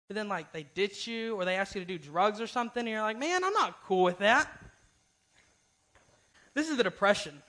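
Bright-voiced young man giving casual sermon. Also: high-pitched, low-quality recording. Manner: informal, keeps asking "right?". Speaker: youth speaker. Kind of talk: casual youth sermon with object lesson.

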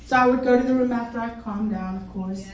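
A woman's voice: fairly high pitch, fast, highs cut off. A woman in her fifties, a pastor's wife, telling playful, chatty, funny stories from her life at a conference luncheon. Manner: animated, playful, chatty storyteller. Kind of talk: humorous personal storytelling talk. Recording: echoey hall, voice from far off, faint crowd and noise.

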